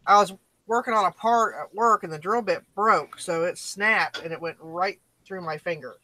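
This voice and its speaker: A woman's voice: lowish voice, moderate pace, bright, forceful tone, low-quality recording. A woman chatting casually in a group, telling blunt stories and laughing often.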